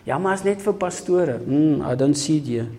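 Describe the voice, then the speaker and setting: A man preaches a sermon with lively, emphatic delivery, switching between two languages. His voice sits fairly high for a man, with a dark, mellow tone. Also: moderate pace. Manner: switches between English and Afrikaans, energetic and emphatic.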